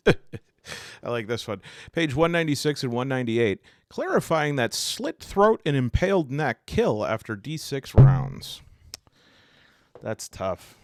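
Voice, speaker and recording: Animated man unboxing games. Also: mid-range voice, unhurried, no room sound, studio quality. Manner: animated, exasperated, rambling with restarts. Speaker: tabletop game reviewer. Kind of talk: casual unboxing vlog.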